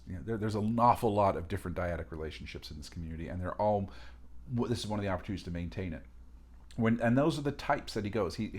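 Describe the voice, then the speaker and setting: A man talking through an academic reading in a casual lecture, rambling with restarts and lively asides. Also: on the low side. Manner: discursive, many fillers and restarts, animated asides.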